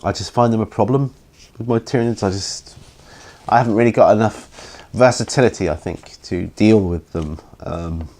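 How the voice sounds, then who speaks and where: A tired man hosting a hobby Q&A, rambling and hesitant with many pauses and ums, yawning as he goes. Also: on the low side, a little mellow. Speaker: hobby channel host answering viewer questions. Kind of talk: casual Q&A chat.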